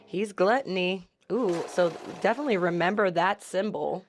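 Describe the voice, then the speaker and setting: A woman's voice: on the low side, moderate pace, few pauses. Chatty woman co-hosting a reaction video. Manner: chatty, exclamatory. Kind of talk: casual chat.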